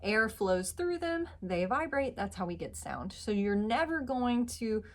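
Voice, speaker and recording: A woman teaching a singing lesson, patiently explaining pitch and demonstrating notes with her voice. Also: big pitch swings, a little slow. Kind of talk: vocal lesson.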